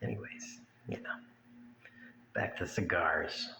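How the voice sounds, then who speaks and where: Crude, mocking male ranter, unhurried delivery, faint room hum behind. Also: a bass voice, creaky, pushed and bright. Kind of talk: profane rant to camera. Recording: echoey room with faint ambience.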